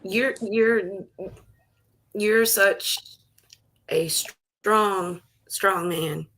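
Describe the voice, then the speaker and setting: A woman hosting an emotional conversation, slow and heartfelt, laughing and tearing up along the way. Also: mid-range voice, bright, forceful tone. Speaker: host.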